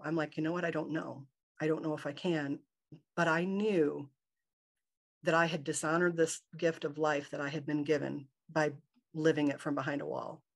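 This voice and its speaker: Gravelly-voiced woman telling her story. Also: low voice. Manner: animated, acts out quoted dialogue in a raised voice. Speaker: interview guest. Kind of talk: personal storytelling in conversation.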